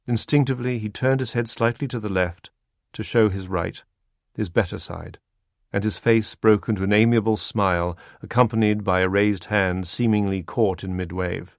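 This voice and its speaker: A man narrating a spy novel audiobook in a steady, measured reading. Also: on the low side, gravelly, dry recording, clean studio sound. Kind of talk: scripted narration.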